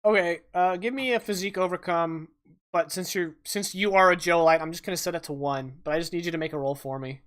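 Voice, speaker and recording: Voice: medium pitch, fast talker, a bit bright. Casual game master calling turns. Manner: casual, narrates dice results and actions. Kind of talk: running a tabletop game.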